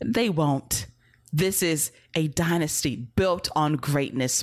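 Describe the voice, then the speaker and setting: A woman co-hosting a casual wrestling podcast, animated and teasing, talking in an exclamatory way. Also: low voice, slow, dry recording, studio quality. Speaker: podcast co-host.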